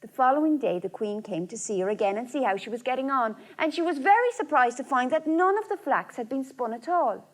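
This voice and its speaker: A woman telling a folk tale aloud, lively and rhythmic, repeating phrases. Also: high voice, brisk, hardly any pauses. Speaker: storyteller. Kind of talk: oral folk-tale storytelling.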